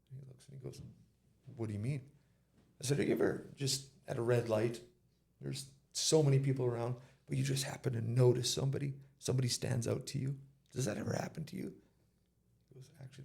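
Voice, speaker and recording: With a medium-pitched, gravelly, slightly mellow voice, this man is a guest in an interview. He shares something personal and replays conversations as relaxed quoted dialogue.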